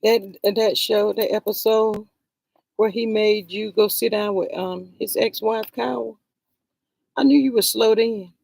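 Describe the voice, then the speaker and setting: A woman's voice: medium pitch, steady tone, unhurried, vocal fry, a little mellow, dry recording. Exasperated woman scolding on a livestream. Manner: scolding, addresses the people she talks about directly; exasperated, sighs "Lord have mercy". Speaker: vlogger commenting on a reality show. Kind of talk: heated livestream commentary.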